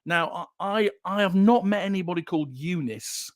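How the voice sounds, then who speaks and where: A man's voice: sits high, moderate pace, no echo, clean studio sound. A man from Yorkshire hosting a casual, jokey livestream show and reading out viewer comments. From Yorkshire, England.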